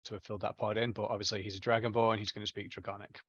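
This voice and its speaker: A man's voice: lowish voice, little pitch movement, rapid-fire, a bit bright, breathy edge, dull audio. A man playing in a tabletop game, easygoing and jokey as he checks his rolls. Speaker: player. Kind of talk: casual chat at a game table.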